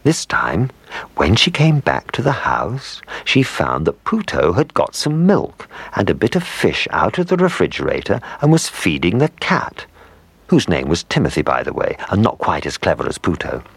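Deep, animated storybook narrator. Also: male voice, moderate pace, creaky, slightly rough, no echo. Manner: gentle, animated reading with asides to the listener.

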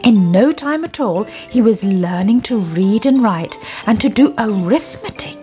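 A woman reading a children's story aloud in a gentle, expressive way. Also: medium pitch, measured pace, faint music behind.

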